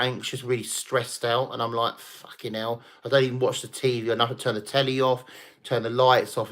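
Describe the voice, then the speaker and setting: His mid-range voice is a bit bright as he hosts a late-night livestream, tipsy from drinking. He chats casually with viewers, rambling, laughing, and letting the swear words fly.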